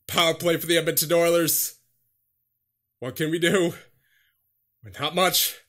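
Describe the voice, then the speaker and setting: Young guy out of breath calling his hockey game like a broadcaster, bright kinda high voice, nervous and begging. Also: slow, pauses often. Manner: nervous, pleading, calls the play like a broadcaster. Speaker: gaming YouTuber playing a hockey franchise. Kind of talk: excited game commentary.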